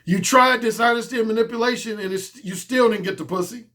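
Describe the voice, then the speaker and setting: A man's voice: very high voice, fairly quick, pushed and bright. A middle-aged man giving a blunt, emphatic solo commentary as a dating coach, repeating his points for stress.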